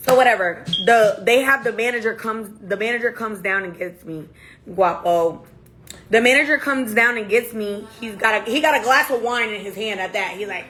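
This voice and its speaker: A woman on a livestream, telling a long night-out story in a blunt, profane, animated way. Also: fairly high pitch. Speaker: livestream host. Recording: clear music behind the voice.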